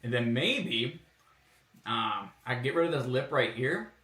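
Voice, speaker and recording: A man chats his way through car design work on a stream, laid-back and meandering, with fillers as he thinks aloud. His tone is sharp and bright. The sound is roomy, as if he sits back from the microphone in a workshop room. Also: mid-range voice, expressive, unhurried, distant mic. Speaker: streamer showing car body kit designs. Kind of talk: casual live-stream commentary. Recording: roomy, from away from the mic.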